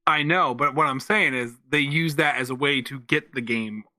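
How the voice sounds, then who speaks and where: A man's voice: medium pitch, moderate pace, bright, forceful tone, dry recording. A man co-hosting a casual podcast, talking games in a laid-back way with short replies. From central Pennsylvania. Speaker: podcast co-host. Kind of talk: casual chat about games.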